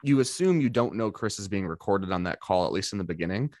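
A man's voice: low voice, lively intonation, quick pace, darkish tone, no room sound, clean studio sound. A man co-hosting a podcast, chatting casually and rambling a little, with lots of fillers and restarts. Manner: chatty, full of fillers and restarts, quotes others in put-on voices. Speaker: podcast co-host. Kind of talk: casual chat.

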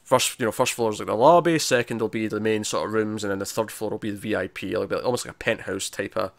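A man's voice: lowish voice, fast, gravelly, no echo. A man casually recapping a TV episode with a friend, retelling scenes with many restarts and frequent laughs. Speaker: podcast co-host.

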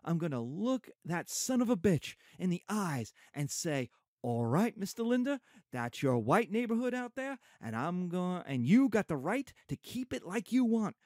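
A man's voice: high voice, very animated, normal speed, darkish tone, dry recording, clean studio sound. A man reading the part of a proud, desperate young Black husband in an impassioned dramatic voice. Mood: bitter.

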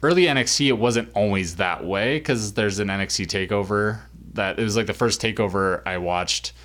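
A young man co-hosting a casual podcast chat, talking quickly and saying "like" often. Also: fairly low pitch, fairly bright tone. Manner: chatty, heavy use of "like". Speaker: podcast co-host.

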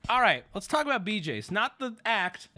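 A man in his thirties telling a rambling story as a streamer in casual chat, animated and profane. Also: sits high, moderate pace. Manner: rambling, animated, swears, acts out quotes.

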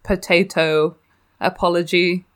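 A woman's voice: on the low side, level tone, measured pace, a bit bright. A woman co-hosting a casual book-discussion podcast who animatedly retells scenes and laughs between points.

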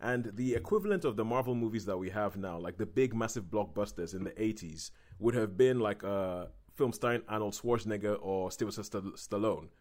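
A man's voice: on the low side, animated, brisk, hardly any pauses, darkish tone. A man hosting a casual chat about films, telling stories and acting out quotes in exaggerated voices.

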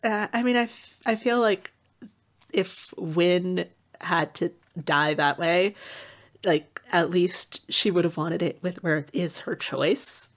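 A woman co-hosting a casual book chat, animated, often acting out characters' lines in quick voices. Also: fairly low pitch. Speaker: podcast co-host.

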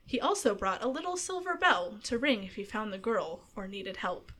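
A woman's voice: mid-range voice, very animated, moderate pace, a bit bright. A woman voicing a storyteller who reads an old folk tale aloud in a theatrical story voice with a slipping accent. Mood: storytelling.

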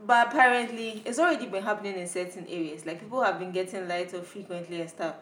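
A young adult woman from Ghana co-hosts a casual podcast chat, playful and sassy, getting animated when she jokes. Her voice is mid-range and quick. The recording has roomy echo and a little hiss or hum.

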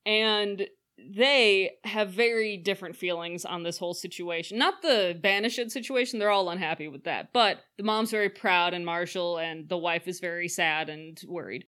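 A young woman chatting casually on a podcast, jokey and animated as she acts out quoted lines in silly voices. Her delivery is loose and conversational, with a playful, teasing edge. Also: lowish voice, moderate pace. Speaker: podcast co-host. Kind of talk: casual chat.

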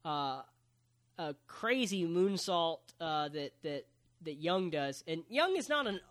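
A man with a fairly high voice talks through a match for a podcast in a relaxed, chatty way. He jokes as he goes and describes the action step by step. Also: slow. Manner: joking, play-by-play recap. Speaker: podcast co-host recapping wrestling. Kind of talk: casual chat.

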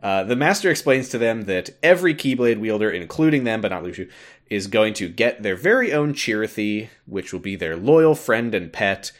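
A man with a low voice hosts a casual podcast recap. His pitch swings widely as he tells the story with animated energy. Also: moderate pace. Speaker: podcast host.

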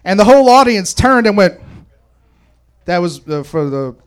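A man's voice: high voice, sing-song, moderate pace, smooth. A middle-aged man telling a rambling, profane story on a live podcast in a sports bar, often correcting himself. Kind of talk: casual storytelling in front of a live audience.

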